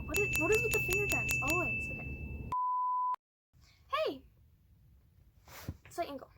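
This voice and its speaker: A young woman with a high, bouncy voice giggles her way through botched takes of a cosplay skit, restarting lines in a flustered rush. The recording is noisy, with a steady hiss under her voice in a room at home. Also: unhurried, pauses often.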